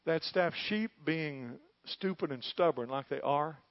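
A man delivers a folksy, impassioned sermon, his slightly high voice climbing to loud peaks. The sound is dry and close, with a somewhat dull, muffled tone. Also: unhurried, no echo. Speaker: preacher.

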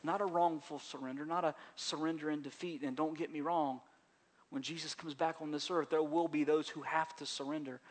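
A male pastor preaching a sermon in a church service, moving between hushed, gentle passages and raised, emphatic appeals, with frequent repeats and restarts. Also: a little high. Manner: repeats phrases and restarts mid-sentence, conversational preaching.

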